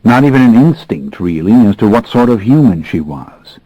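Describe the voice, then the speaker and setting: A man reads a first-person audiobook in a very deep, husky voice. His delivery is brooding and measured, slowing and quickening with the story. The recording is dry and close. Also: dry recording, lo-fi sound. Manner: measured, brooding, expressive pacing. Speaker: audiobook narrator.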